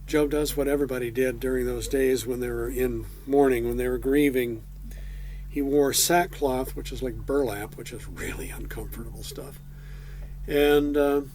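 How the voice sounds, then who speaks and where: Male preacher, unhurried delivery, folksy and chatty, mid-pitch voice. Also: a little mellow, slight background noise. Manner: folksy, with casual asides and slang. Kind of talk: conversational sermon.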